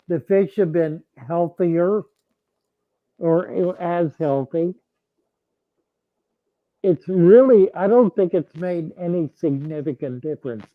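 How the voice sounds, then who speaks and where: A man hosting a casual livestream chat with viewers, thinking aloud in a halting way with frequent restarts. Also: on the high side, dry recording, phone-quality sound. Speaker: host answering viewers.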